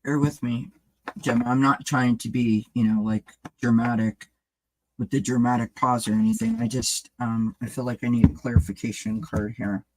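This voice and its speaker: A man's voice: medium pitch, steady tone, moderate pace, a little mellow, a little hiss or hum. A man giving a casual live-stream tarot reading, chatting loosely and addressing viewers by name as he rambles and restarts thoughts. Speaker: tarot reader.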